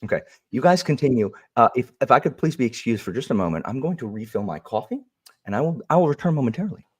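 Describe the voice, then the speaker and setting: Husky man, stiffly proper host. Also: mid-range voice, sing-song, fast talker. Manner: stiff, overly proper and polite. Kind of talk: mock-formal video call chat. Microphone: video call.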